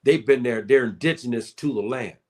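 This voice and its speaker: A man's voice: medium pitch, fairly quick, a little mellow. A man giving casual spoken commentary, addressing listeners as brother and sister and often repeating his words.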